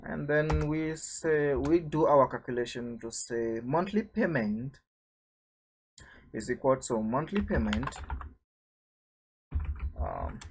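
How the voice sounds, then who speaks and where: A man's voice: mid-range voice, very animated, slow, long pauses, a little mellow, a little hiss or hum. A man teaching a programming lesson, thinking aloud as he types and asking rhetorical questions to the viewer. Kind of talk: screen-recorded coding tutorial.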